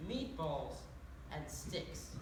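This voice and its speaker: A woman's voice: deep voice, very animated, drawn-out words, a little mellow, exaggerated voice. Curtis, a woman doing a sarcastic Irish leprechaun. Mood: exasperated. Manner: sarcastic, hot-tempered. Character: short grumpy adult male leprechaun. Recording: echoey room, distant mic, noisy.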